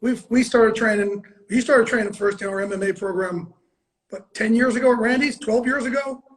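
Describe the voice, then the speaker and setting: A man's voice: very high-pitched, moderate pace, a bit bright, poor audio. A middle-aged man hosting an interview, talking in a blunt, emphatic way and swearing freely. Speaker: host. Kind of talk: casual interview chat.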